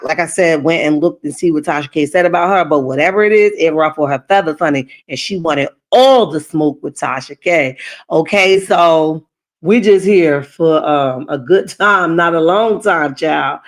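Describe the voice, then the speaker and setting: A woman hosts a celebrity gossip show in a loose, chatty way. She tosses in sassy asides like "okay?" and "child" while she reacts to the drama. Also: fairly low pitch. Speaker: gossip channel host. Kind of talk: casual reality-TV gossip commentary.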